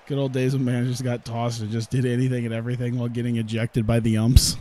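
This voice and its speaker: A man's voice: mid-range voice, little pitch movement, quick pace, hardly any pauses, dark tone. A young man streaming a game, casually rambling through a story with frequent laughs and swearing. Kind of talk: casual gameplay commentary.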